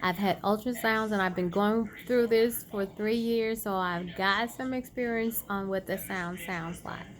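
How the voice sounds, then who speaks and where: A woman's voice: mid-range voice, unhurried, few pauses. Chatty woman telling a personal story. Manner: chatty, animated retelling with quoted dialogue; many fillers and restarts. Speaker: vlogger. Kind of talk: casual storytelling.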